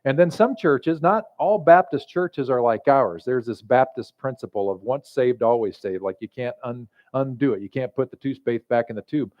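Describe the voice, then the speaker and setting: A male pastor giving a sermon in a conversational, joking storytelling manner, in a slightly muffled recording. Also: mid-range voice.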